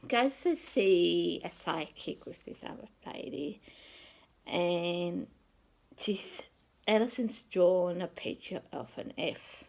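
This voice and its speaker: A woman's voice: on the low side, slow, gravelly, a little mellow, low-quality recording. A woman, a psychic, telling a rambling personal story in a casual, conversational way that often trails off.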